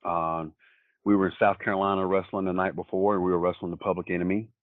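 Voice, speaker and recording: A very deep-voiced man sits in as an interview guest and tells long, plain-spoken anecdotes. His voice comes through thin and tinny, as if on a phone line, with no room sound around it. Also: little pitch movement, fast talker, no room sound. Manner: rambling, plain-spoken storyteller. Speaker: wrestler guest. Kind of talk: casual anecdotal storytelling.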